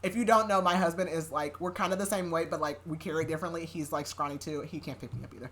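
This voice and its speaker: A young adult woman on a podcast, recapping a novel in casual chat, chatty and quick to laugh, leaning on "like" constantly. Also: deep voice, slight background noise. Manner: chatty, laughing often, heavy use of "like".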